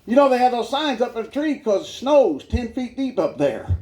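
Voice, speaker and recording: Giving his testimony at church, a guest speaker recounts a funny story from his own life at a moderate pace. He's animated, laughs along as he tells it, and his fairly high voice swings widely in pitch.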